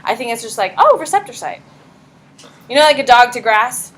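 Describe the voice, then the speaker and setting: A woman teacher giving a chatty, animated classroom lecture, often checking in with her students. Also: fairly high pitch, fast. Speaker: high school teacher. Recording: roomy classroom echo.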